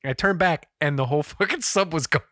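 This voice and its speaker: A man co-hosting a podcast, telling a story in a casual, profane and animated way. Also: a little high, quick pace, no echo, studio quality. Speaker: podcast co-host. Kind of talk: casual chat.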